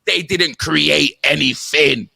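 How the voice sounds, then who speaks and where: A man's voice: a little high, takes it slowly, gravelly, sharp tone, slightly rough, no room sound, shouting, clean studio sound. A young man with a London accent hosting comedic football banter, rattling off slang and sing-song punchlines.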